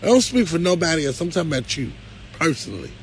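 A man hosting a live stream, talking casually, pleading one moment and loudly complaining the next. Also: on the high side, fast, a little hiss or hum. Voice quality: animated, swings from pleading to loud complaint. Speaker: live show host.

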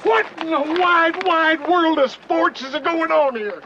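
An actor playing a gravelly cowboy railroad boss yelling at his workers in a western comedy film. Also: very high voice, slow, muffled recording, noisy background, heavily acted.

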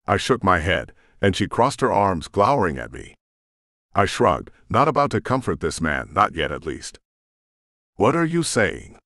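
Deep guy reading an audiobook, dry close mic, tense and emotional. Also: big pitch swings, normal speed, sharp tone, dry recording. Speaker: audiobook narrator. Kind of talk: scripted first-person audiobook narration.

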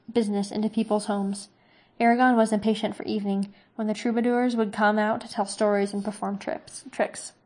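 A woman reading a fantasy novel aloud, chapter by chapter, in a steady, unhurried way. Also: mid-range voice. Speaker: reader.

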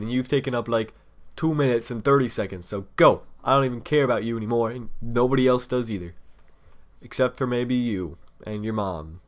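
A man's voice: medium pitch, brisk. A young man giving casual, rambling commentary while playing a card game online, impatient and teasing, sometimes talking with chocolate in his mouth. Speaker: let's play host.

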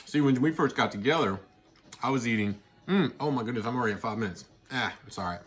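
A man talking casually to his viewers while he eats, chatty and excitable, with mouthfuls and happy murmurs between his sentences. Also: mid-range voice, fast. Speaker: vlogger. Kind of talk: casual eating vlog.

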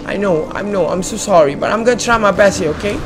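A man's voice: sits high, fast talker, music in the background. A man hosting a casual let's-play video, chatting playfully as he explores, joking and talking back to the game. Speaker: gamer and channel host.

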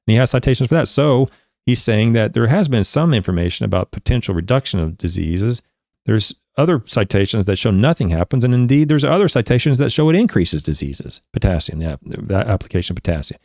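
A man hosting a podcast, reading a research paper aloud and commenting on it, excitable and often stumbling over words and restarting. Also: lowish voice, a little fast, dry recording, studio quality.

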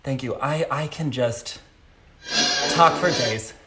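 A man's voice: mid-range voice, slow, over loud music. A man teaching a live-streamed dance class, counting steps aloud with chatty asides. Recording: echoey room, far from phone mic.

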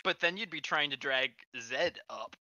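A woman's voice: low-pitched, expressive, moderate pace, sharp tone, no echo, muffled recording. A woman playing a tabletop game, chatting playfully and giggling often. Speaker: player.

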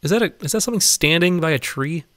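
A man with a bright, ringing voice gives casual commentary while he plays a game. His pitch swoops up and down as he chats, laughs often and coaxes the animals along in a singsong way. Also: animated, quick pace. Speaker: let's play host.

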